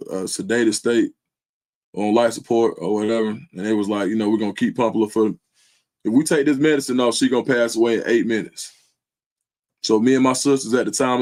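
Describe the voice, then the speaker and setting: A man's voice: mid-range voice, darkish tone. A man hosting his own livestream, speaking in an earnest, loose way with lots of slang fillers. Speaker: livestream host. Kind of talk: casual heartfelt livestream talk.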